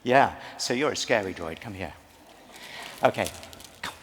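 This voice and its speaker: A man's voice: lowish voice, lively intonation, measured pace, a bit bright. A man coaching audience volunteers on a convention stage, playful and theatrical, often laughing. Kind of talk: live stage banter. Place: large convention hall stage with a live audience. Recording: long hall reverb, crowd and noise.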